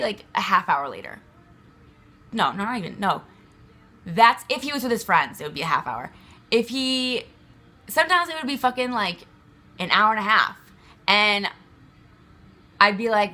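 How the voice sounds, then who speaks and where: A woman's voice: mid-range voice, expressive, moderate pace, long pauses, bright, forceful tone. A woman venting to the camera in a rambling, emphatic way, swearing often and filling her talk with fillers. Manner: agitated, emphatic. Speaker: vlogger.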